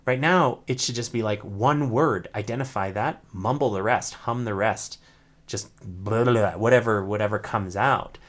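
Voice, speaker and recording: A man's voice: on the low side, normal speed, fairly bright tone. A man teaching an online ukulele class, explaining step by step in an encouraging way and often checking in with "right?".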